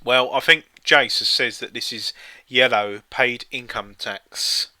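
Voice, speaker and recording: A man's voice: mid-range voice, takes it slowly, sharp tone, no echo. A man co-hosting a live stream, reading quiz questions aloud with jokey asides in casual chat. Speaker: co-host playing a teletext quiz on stream.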